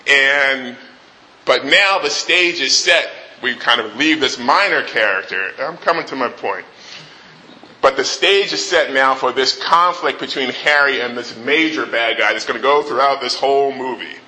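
A man retelling a movie scene in an animated way before making his point. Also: medium pitch, normal speed, slight background noise, rough recording. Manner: animated retelling with restarts and acted quotes. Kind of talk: storytelling lead-in to a talk.

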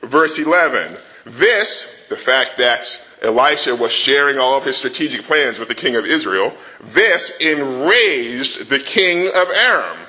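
A man preaching a sermon in an animated way, drawing call-and-response from the congregation. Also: medium pitch, measured pace, few pauses, poor audio. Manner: dramatizes the king's rant in a rising voice.

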